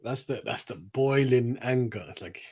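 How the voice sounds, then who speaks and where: A man's voice: mid-range voice, normal speed, a little mellow, slightly rough. A man with a mid-range voice co-hosts a casual football chat. He reads viewer comments aloud and agrees with his partner in an easygoing way. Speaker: co-host reading viewer comments.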